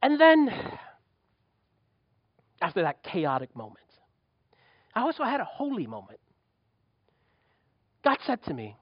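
A man's voice: sits high, huge pitch swings, unhurried, pauses often, no room sound, dull audio. A middle-aged man, preaching a sermon as a pastor, telling a story with lots of rhetorical questions.

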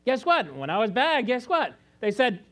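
A man's voice: extremely high pitch, big pitch swings, normal speed, a bit bright. A man from China, a pastor, giving a personal testimony sermon, earnest and confessional, often restarting and rising in emphasis.

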